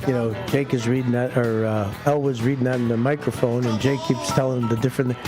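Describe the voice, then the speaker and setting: A man's voice: mid-range voice, fairly even intonation, a little fast, over music. A man co-hosting a morning radio show, chatty and teasing, telling a joke and laughing at it himself. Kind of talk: casual on-air banter and joke telling. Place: radio studio. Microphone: studio microphone.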